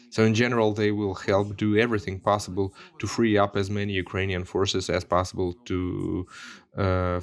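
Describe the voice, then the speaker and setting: A man, a member of parliament, giving an earnest video statement and repeating his key points for emphasis. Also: deep voice. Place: recorded separately from the studio.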